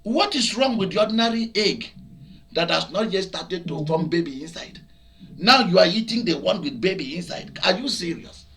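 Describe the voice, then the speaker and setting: Animated Nigerian preacher man, high bright voice. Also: moderate pace. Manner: animated storytelling with shouted outbursts and laughter. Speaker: pastor. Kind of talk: preaching to a broadcast audience.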